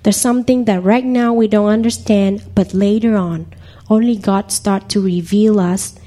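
A woman with a slightly hoarse voice giving an earnest church testimony in halting, urging listeners to live their faith all week. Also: medium pitch, fairly even intonation, warm tone.

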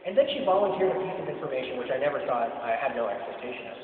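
A man's voice: medium pitch, expressive, racing, hardly any pauses, background noise. A man preaching a sermon, telling stories from everyday life and acting out the voices in his quoted dialogue with animation. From China. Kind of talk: storytelling sermon. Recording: echoey hall from far off, tinny lo-fi.

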